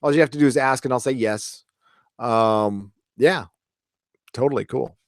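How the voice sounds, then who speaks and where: A man's voice: mid-range voice, moderate pace, smooth, no room sound, studio quality. A man hosting a live stream, reading viewer comments in casual, rambling chat and swearing now and then.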